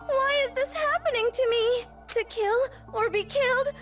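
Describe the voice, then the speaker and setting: A woman's voice: very high-pitched, moderate pace. A small, shaky, scared girl. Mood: frightened. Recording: game voice clip with loud music. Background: music.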